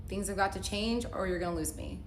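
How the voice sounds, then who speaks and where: A woman's voice: medium pitch, fast talker. A young woman telling a personal story in a casual, chatty way, full of "like" fillers and acted-out dialogue, in an echoey room. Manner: chatty, heavy use of "like" fillers, acts out quoted dialogue. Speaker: storyteller recounting a relationship. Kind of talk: casual story-time vlog. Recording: echoey room with faint noise.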